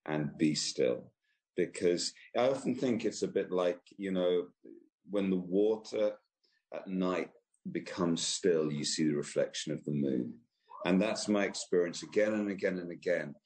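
Guy, deep low voice, calm and reflective, keeps restarting sentences. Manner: gentle, unhurried, with frequent restarts. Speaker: author and guest. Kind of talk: reflective interview answers.

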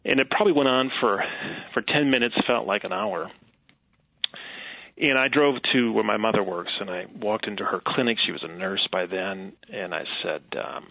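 Gravelly man telling his story over a thin line. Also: on the low side, moderate pace, no echo. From Wisconsin, USA. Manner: earnest, reflective storytelling with soft laughs. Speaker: guest. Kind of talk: personal testimony in an interview. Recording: tinny phone-like line.

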